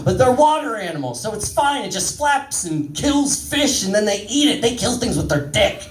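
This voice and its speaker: A man in his thirties delivers a very animated stand-up set in a high voice at normal speed, crude and rambling as he pokes fun at himself with the crowd. Recorded in an echoey club from a distance, there's slight background noise.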